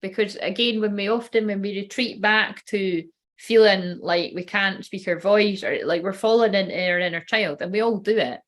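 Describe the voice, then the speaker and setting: A woman's voice: mid-range voice, normal speed. Swearing, rambling woman reading cards. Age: late 30s. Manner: rambling, swears casually, breaks off mid-sentence. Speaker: oracle card reader. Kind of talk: casual live-stream card reading.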